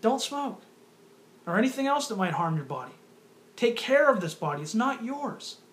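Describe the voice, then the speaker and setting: A man's voice: very high-pitched, big pitch swings, moderate pace, a bit bright, slight background noise. A young man giving an earnest talk to youth as a ministry speaker, repeating his points and challenging listeners directly. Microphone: phone or webcam camera.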